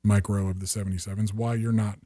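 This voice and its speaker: Man, 50s, podcast guest. Husky, dry-recorded, animated raconteur. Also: on the low side, dry recording. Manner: lively anecdotes with acted quotes and quick restarts. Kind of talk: storytelling in conversation.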